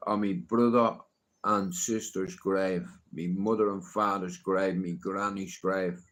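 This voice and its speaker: A man's voice: deep voice, steady tone, slow, a bit bright, a little hiss or hum. A middle-aged man ranting casually on a livestream, swearing often and asking "you know what I mean?".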